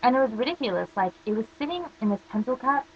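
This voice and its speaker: A woman's voice: a little high, lively intonation, fast, breathy edge, lo-fi sound. A teenage girl ranting casually to camera, rambling through stories full of "like" fillers. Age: teens. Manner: rambling storytelling, constant "like" fillers. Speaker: vlogger.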